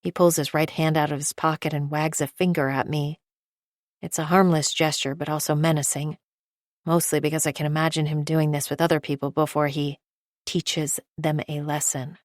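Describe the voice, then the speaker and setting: Low-voiced woman reading an audiobook. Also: level tone, normal speed, no echo, studio quality. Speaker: audiobook narrator. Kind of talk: first-person audiobook narration.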